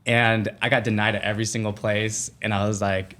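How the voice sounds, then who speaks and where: A man guesting on a podcast, telling a personal story in a casual, animated way, full of "like" fillers and acted-out quotes. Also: lowish voice, moderate pace. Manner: animated, acts out quoted voices, many "like" fillers.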